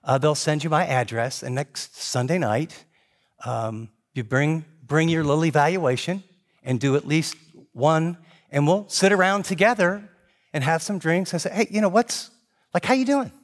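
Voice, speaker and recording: An older man preaching a sermon in a conversational, animated way, jumping to high emphatic peaks and dropping to quiet asides. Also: normal speed. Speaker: pastor.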